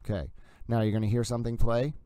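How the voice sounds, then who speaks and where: This Boston-accented livestream host from New England delivers playful, self-mocking chatter as he works on his computer. His mid-range voice is fast and dark but clean, with a flat delivery and no room sound.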